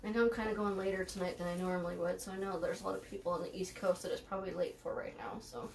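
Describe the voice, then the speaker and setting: A woman's voice: fairly low pitch, level tone, very fast, creaky, a little hiss or hum. A woman hosting a live craft tutorial, chatting casually while she works, thanking viewers by name and laughing easily with dry sarcasm. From United States.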